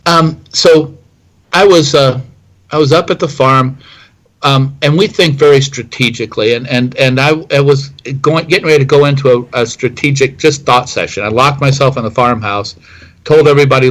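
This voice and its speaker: Poor audio captures a middle-aged man with a mid-range voice at a moderate pace. He's a whiskey distiller being interviewed, winding through a lengthy story with many fillers and false starts.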